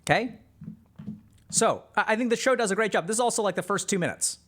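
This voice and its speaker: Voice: mid-range voice, fast talker, fairly bright tone. A psychiatrist giving reaction commentary on a TV episode, explaining things and speaking directly to viewers.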